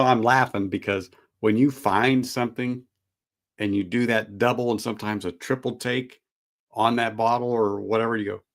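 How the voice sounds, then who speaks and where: A middle-aged man hosting a casual whiskey livestream, rambling in a folksy way and answering viewers' comments. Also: mid-range voice. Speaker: whiskey channel host.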